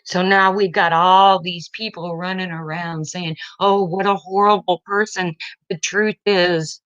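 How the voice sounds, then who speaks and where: A woman's voice: on the low side, fairly even intonation, unhurried, fairly bright tone, dry recording. A middle-aged woman venting about her family in an emotional personal rant, blunt and heated, tearful at times. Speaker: parent venting online. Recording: dull lo-fi sound, dry.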